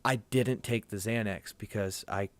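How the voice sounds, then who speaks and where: This man speaks a little slowly, his fairly low-pitched voice keeping a fairly even intonation. As a podcast guest in casual conversation, he rambles earnestly through a long personal story, repeatedly restarting sentences.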